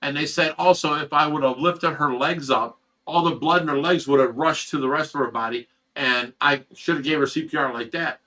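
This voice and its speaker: A middle-aged man recounts a hard story in a loose, rambling way, cursing often. His voice sits a little high and sounds bright and forceful. He talks casually, as if to friends. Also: a little fast, few pauses, poor audio. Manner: emotional, rambling, swears freely. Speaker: fish rescue owner.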